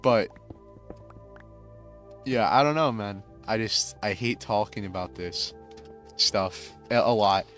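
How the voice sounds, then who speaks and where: A man's voice: fairly low pitch, takes it slowly, pauses often, a bit bright, soft background music. A man in his twenties rambling casually with many filler words while playing a game.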